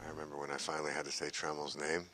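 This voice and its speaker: A man, the film's lead actor, giving commentary in a slow, considered manner. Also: extremely low pitch, level tone, bright, forceful tone, slight background noise. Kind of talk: film commentary.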